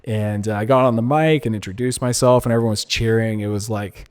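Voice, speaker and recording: A man's voice: on the low side, steady tone, a little fast, a little mellow. A young man from San Diego, a DJ guest in a casual interview, telling a story animatedly with many fillers, restarts and laughs. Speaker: guest DJ and producer.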